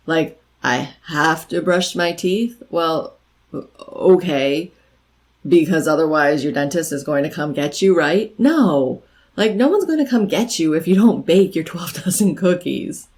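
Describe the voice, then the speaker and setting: A woman's voice: on the low side, darkish tone, rough recording. A middle-aged woman giving encouraging, conversational advice straight to the camera, repeating her key phrases for emphasis. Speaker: life coach vlogger. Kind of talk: direct-to-camera advice talk.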